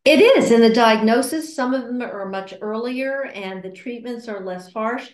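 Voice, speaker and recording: A woman being interviewed about her work at a cancer support center, speaking earnestly and reflectively, with many hesitations and restarts, and acting out quoted remarks in a higher voice. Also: moderate pace. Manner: acts out quoted remarks with raised pitch. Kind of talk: casual interview conversation. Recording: roomy echo.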